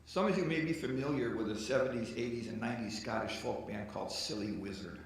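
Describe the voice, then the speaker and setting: Fast and creaky, this man's mid-range voice comes through a faraway mic in an echoey hall, with slight hiss or hum. He's a folk musician on an arts center stage, swapping stories and jokes with the audience between songs at a live concert, guitar music behind him.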